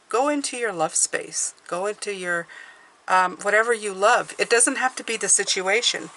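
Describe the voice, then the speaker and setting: A woman's voice: medium pitch, fairly bright tone, slight background noise. A woman giving a casual, encouraging tarot and numerology reading, chatting and thinking aloud as she draws cards.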